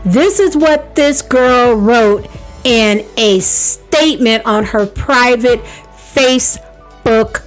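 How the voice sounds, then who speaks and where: A woman's voice: fairly high pitch, slow pace, soft background music. A woman hosting a celebrity gossip vlog, sassy and playful, talking straight to her viewers.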